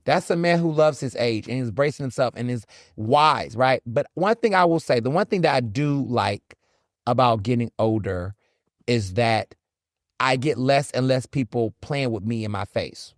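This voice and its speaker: Blunt, animated man with dry sound. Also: mid-range voice, moderate pace, no echo. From American South. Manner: animated, blunt, swears freely, acts out encounters. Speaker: podcast host. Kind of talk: casual solo commentary.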